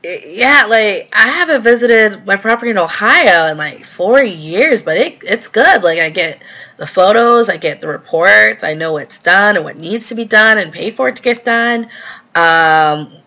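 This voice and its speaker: A woman's voice: medium pitch, animated, a little slow, pushed and bright. A woman hosting a live question-and-answer stream, talking casually with lots of fillers as she answers viewer questions. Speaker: real estate investing host.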